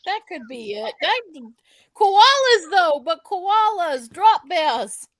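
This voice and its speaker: A woman's voice: very high voice, very animated, takes it slowly, fairly bright tone, no room sound. An American woman being silly and giggly in a casual chat while watching a movie with friends. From United States. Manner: silly, giggly, playful outbursts.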